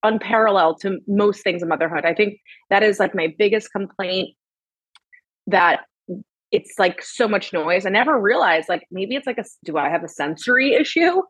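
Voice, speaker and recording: A woman's voice: mid-range voice, animated, normal speed, a bit bright, slightly rough, dry recording. A woman in her thirties, a podcast guest, talking candidly about motherhood with lots of fillers and casual swearing. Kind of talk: casual chat.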